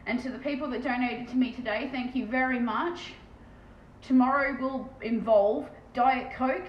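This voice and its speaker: An Australian woman in her thirties from Western Australia, chatting casually on a live stream while painting, blunt and self-mocking with plenty of swearing. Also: a little high. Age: 30s. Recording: roomy, dull lo-fi sound with faint background noise.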